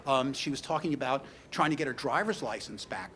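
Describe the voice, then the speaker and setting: A man's voice: medium pitch, expressive, brisk, pushed and bright. A middle-aged man with a New York accent giving a rambling, anecdotal eulogy full of "you know" and wry humor. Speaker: speaker at a memorial tribute. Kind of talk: storytelling eulogy.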